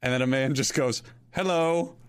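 A man co-hosting a casual podcast, telling a story with lively acted-out quotes. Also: mid-range voice, moderate pace. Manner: animated storyteller who acts out quoted voices. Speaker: podcast co-host.

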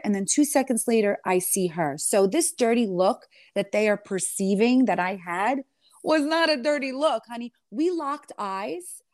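A woman reality TV star in an interview, telling her side of a clash in a sassy, animated way and calling the listener honey. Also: medium pitch, moderate pace, no room sound, studio quality. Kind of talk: candid storytelling interview.

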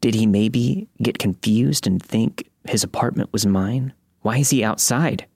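A man narrating a first-person horror story in a steady, measured reading. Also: lowish voice, gravelly, breathy edge, dry recording, studio quality.

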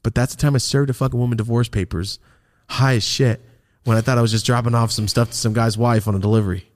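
A man's voice: mid-range voice, quick pace, dry recording. A young man hosting a podcast, telling a long story in casual, profane chat and acting out the voices of the people in it. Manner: animated, profane, acts out voices in his stories. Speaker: podcast host.

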